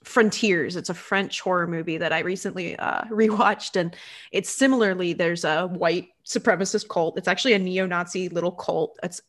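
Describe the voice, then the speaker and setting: A woman hosting a casual chat about a film, animated and quick to laugh, acting out other people's lines. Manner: animated, laughs often, acts out voices with big pitch jumps.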